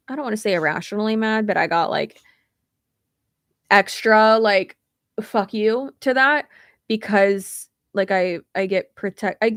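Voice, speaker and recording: A woman's voice: medium pitch, fairly bright tone, dry recording, studio quality. A young woman creator ranting in a casual livestream, blunt and rambling, swearing freely. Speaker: YouTube creator.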